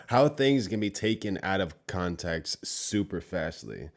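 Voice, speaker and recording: A man streaming live, reacting to a clip with rambling commentary that trails off into quiet asides. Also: low-pitched, lively intonation, unhurried.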